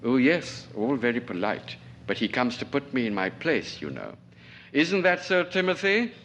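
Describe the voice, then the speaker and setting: A man's voice: mid-range voice, very animated, moderate pace, fairly bright tone, slight background noise. A man voicing a domineering, sarcastic older colonel who taunts his staff. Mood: mocking. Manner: cutting, taunting.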